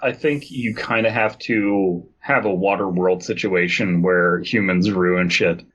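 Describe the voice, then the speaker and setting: A man's voice: low voice, unhurried, fairly bright tone, slightly rough, muffled recording. A man co-hosting a casual podcast, telling rambling, profane stories full of restarts. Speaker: podcast co-host. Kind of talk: casual chat.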